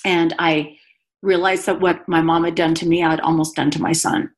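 A woman's voice: sits low, level tone, normal speed. A woman guest giving an earnest, emotional personal testimony in conversation, a mother speaking about her life. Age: adult mother.

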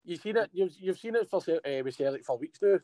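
A man's voice: sits high, animated, fast talker, warm tone, no echo. Blunt Scottish man, dry close sound. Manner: blunt, sweary complaining. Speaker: guest football fan. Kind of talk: casual football chat.

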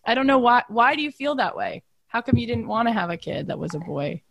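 A woman's voice: fast talker, few pauses, no room sound. A middle-aged woman hosting a podcast in casual chat, telling stories and acting out quotes. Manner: animated storyteller, acts out quotes in high voices. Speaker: podcast host.

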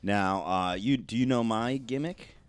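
A man's voice: fairly low pitch, unhurried, smooth. A man co-hosting a casual comedy podcast, rambling and swearing as he hunts for words. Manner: profane, rambling, searches for words. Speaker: podcast co-host.

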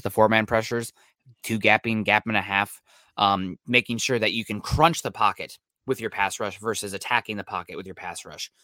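A man with a somewhat low but bright, forceful voice, recorded dry and close. He talks football fast and analytically, packing in jargon between fillers, in casual podcast chat. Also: no echo. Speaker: podcast co-host. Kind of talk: casual sports talk. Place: Seattle area.

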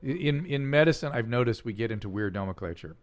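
An older man, a physician hosting a talk show, speaking in a casual, earnest way with many halting restarts as he explains and gives advice to callers. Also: mid-range voice, lively intonation. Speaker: physician podcast host. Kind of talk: casual chat and call-in advice.

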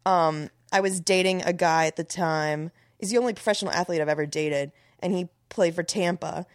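A woman's voice: fairly low pitch, moderate pace, no echo, studio quality. A woman in her thirties, a stand-up comedian guesting on a podcast, telling candid stories in casual chat with lots of "like". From Florida, US. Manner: candid, storytelling, frequent "like".

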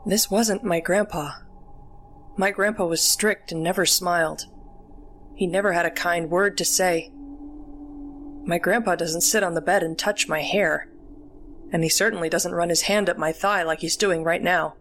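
Woman narrating a horror story, lower voice. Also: fairly even intonation, normal speed, long pauses, fairly bright tone.

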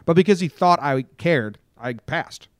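A man's voice: on the high side, lively intonation, a little slow, no echo, studio quality. A young man co-hosting a casual podcast, laid-back and wry, swearing now and then. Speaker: podcast co-host. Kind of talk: casual chat.

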